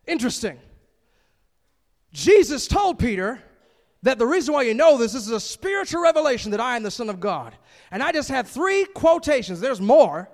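A man's voice: very high voice, long reverb tail. A man preaching a sermon, reading scripture and commenting on it in an emphatic, conversational way.

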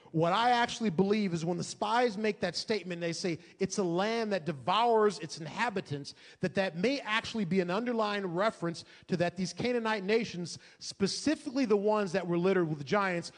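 A man's voice: high-pitched, fairly quick, few pauses, big-room sound. A male pastor preaching a sermon to a congregation, emphatic and fond of rhetorical questions and repetition.

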